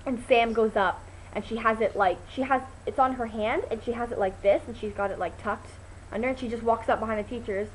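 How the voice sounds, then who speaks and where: A woman's voice: a little fast, a little hiss or hum, poor audio. Chatty teenage girl telling a story. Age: teens. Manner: chatty and rambling, many ums and restarts, bursts into excited high quoted voices. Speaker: vlogger. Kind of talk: casual storytelling vlog.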